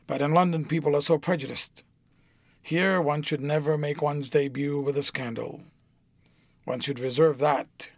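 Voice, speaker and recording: A man's voice: fairly high pitch, no room sound. Brief: male reader as a cool, witty nobleman, drawling and urbane, dry close sound. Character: worldly older aristocrat, cool, cynical, witty. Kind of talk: audiobook reading.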